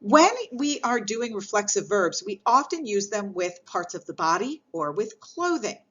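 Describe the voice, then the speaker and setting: A woman's voice: medium pitch, big pitch swings, normal speed, highs cut off. A woman teaching a Spanish grammar lesson, explaining patiently step by step.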